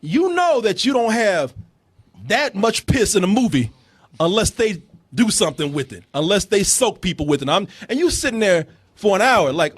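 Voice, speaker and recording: A man with a high, husky voice hosts a casual movie review chat. His delivery swoops up and down as he rants, heavy on profanity and full of animation. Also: big pitch swings, normal speed, no room sound. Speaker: movie review show host.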